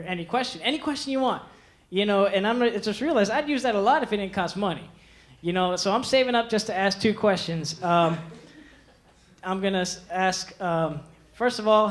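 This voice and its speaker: High-voiced young male stand-up comic. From Mexican heritage. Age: young adult. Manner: animated, puts on quick voices for quoted people. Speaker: stand-up comedian. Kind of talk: stand-up comedy set. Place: comedy club stage. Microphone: handheld stage mic. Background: audience laughter.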